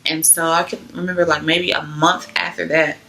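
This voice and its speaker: Low, gravelly woman telling her story. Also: flat delivery, normal speed, bright, forceful tone. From Georgia, US. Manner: chatty, loose, many "like" fillers. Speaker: vlogger sharing her testimony. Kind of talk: casual personal storytelling.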